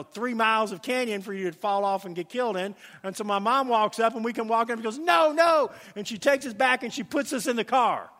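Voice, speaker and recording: Man, middle-aged, high voice, preaching, folksy storytelling, filler words, church sanctuary, long reverb. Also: a bit bright. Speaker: pastor. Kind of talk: sermon.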